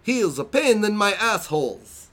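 A man reading lines aloud in a deliberately over-the-top put-on foreign accent, slow and pompous. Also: sing-song, fairly bright tone. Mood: hammy. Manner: overdone mock accent, slow and high.

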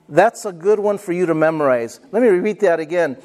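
A man's voice: on the high side, brisk, darkish tone. A middle-aged male pastor preaching a sermon, emphatic, repeating key phrases and calling for amens from the congregation.

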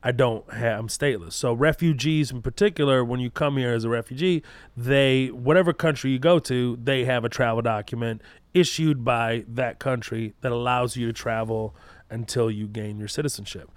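A man's voice: mid-range voice, steady tone, moderate pace, dry recording. A man who grew up in Kuwait, a comedian guest telling a story in a casual podcast chat, acting out voices and swearing freely.

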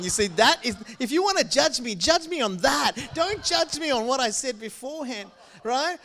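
A middle-aged man born in Malaysia preaching a sermon in an animated, conversational way, drawing the congregation in. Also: very high-pitched, normal speed. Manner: animated, conversational, engaging the crowd. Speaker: pastor.

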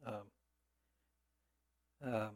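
A man preaching a biographical sermon, halting often with fillers and restarts and slipping in dry asides.

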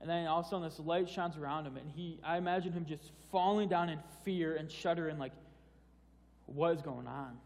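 A man's voice: fairly high pitch, fairly even intonation, fast, hardly any pauses, darkish tone. A man preaching a sermon in a casual, conversational way, often restarting phrases and repeating words. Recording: long hall reverb.

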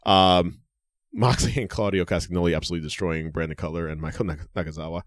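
A man's voice: deep voice, steady tone, quick pace, no echo, studio quality. A man in his forties co-hosting a podcast, chatting casually and rambling with frequent fillers and laughs. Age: 40s. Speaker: podcast co-host. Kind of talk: casual chat.

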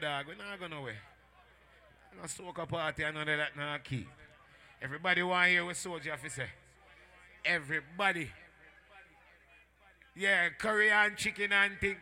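A man with a Jamaican accent working as a sound system MC at a live dance, rowdy and shouting call-and-response to the crowd. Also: sits high, moderate pace, pauses often. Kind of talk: live dancehall MC hype talk. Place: indoor dance venue at night.

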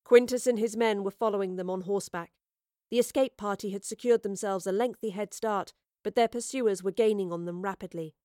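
A woman narrating a storybook, reading in a measured, expressive way and doing voices for the characters. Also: mid-range voice, dry recording, clean studio sound.

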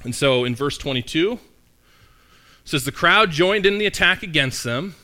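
Bright-voiced male pastor preaching. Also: a little high, unhurried. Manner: animated, acts out quoted voices. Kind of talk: sermon.

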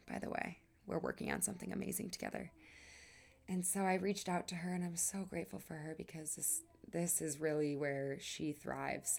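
Earnest podcast host, woman, gravelly low voice. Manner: earnest, emphatic, breathy sighs and soft dips in volume. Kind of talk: casual monologue.

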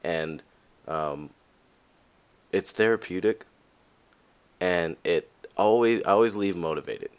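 A man hosting a podcast, talking candidly and casually to listeners, with frequent fillers and restarts, and his voice jumps up high when he stresses a point. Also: takes it slowly, long pauses, clear, resonant tone. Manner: lively, pitch jumps high for emphasis. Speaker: podcast host. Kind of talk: casual motivational monologue.

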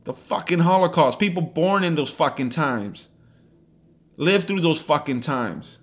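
A man's voice: a little high, animated, measured pace. A man hosting a podcast, delivering a blunt, profane and heated motivational rant. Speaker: podcast host. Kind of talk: ranting motivational monologue.

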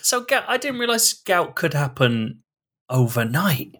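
A man teasing his co-hosts with quick jokes on a comedy podcast. His voice is bright with a husky edge, and his pitch swings widely as he talks. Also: very animated. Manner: teasing, quick jokey interjections. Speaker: podcast co-host. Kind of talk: casual comedic chat.

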